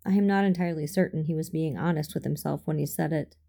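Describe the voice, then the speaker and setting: A woman reading a first-person fan fiction story aloud in a measured, formal, restrained manner. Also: low voice, creaky, warm tone. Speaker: audiobook reader.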